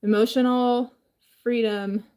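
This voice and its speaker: A woman's voice: a little high, steady tone, slow, dark tone, clean tone. A woman talking casually in a rambling home vlog from her kitchen, her voice changed by a throat injury, full of fillers and swearing. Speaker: vlogger.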